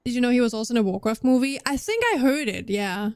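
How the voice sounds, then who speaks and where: A young German woman streams a game and chats casually with viewers, her accent carrying a slight Scandinavian tinge; she rambles and keeps restarting sentences. Her voice is a little high, fast, a little mellow, and smooth. The recording is dry with clean studio sound.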